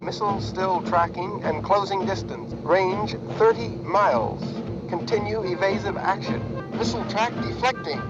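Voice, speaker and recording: A man's voice: high voice, moderate pace, close to an everyday voice. Actor as a terse bomber crewman over music. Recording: muffled film audio over loud music.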